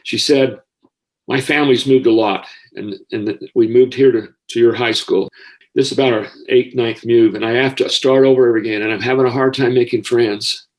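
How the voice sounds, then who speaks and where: A man's voice: medium pitch, fairly even intonation, moderate pace, poor audio. Older american guy, ex school counselor, telling a touching story, gets choked up easy. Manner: heartfelt, gets emotional easily. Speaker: guest, former school counselor. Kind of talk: personal storytelling.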